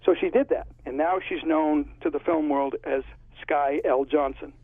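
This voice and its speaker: A man's voice: on the high side, moderate pace. A man with a Connecticut accent, an author chatting in a casual interview and rambling through stories. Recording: tinny phone line, husky.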